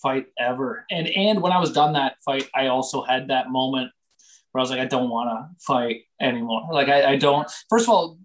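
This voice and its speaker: A young man, a comedian from Canada, telling a story in casual podcast chat, animated and full of swearing and fillers. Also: medium pitch, normal speed, slight background noise, low-quality recording.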